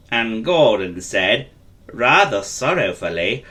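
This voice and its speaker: Male narrator doing a classic storyteller impression; gentle, slow and sing-song. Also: medium pitch, wildly swooping pitch.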